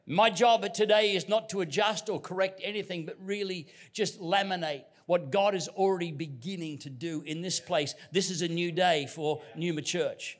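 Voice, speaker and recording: A middle-aged Australian man from Queensland preaching a sermon as a guest pastor, telling stories with humor and dropping to hushed tones. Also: sits high, moderate pace, hardly any pauses. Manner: storytelling with humor, dynamic swings from loud to hushed. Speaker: visiting pastor.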